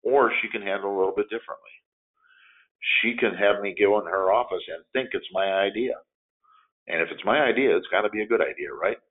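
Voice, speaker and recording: Older male trainer, deep voice, animated storyteller, tinny phone-quality audio. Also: a little fast. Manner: lively storytelling, acting out scenarios. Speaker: workplace de-escalation trainer. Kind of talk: training presentation. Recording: narrow phone-like sound.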